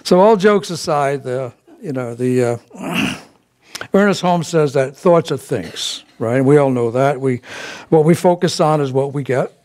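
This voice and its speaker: A man's voice: medium pitch, unhurried, darkish tone. A man giving a casual sermon at a spiritual center, folksy and chuckling, with many fillers and restarts. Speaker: spiritual practitioner giving a talk.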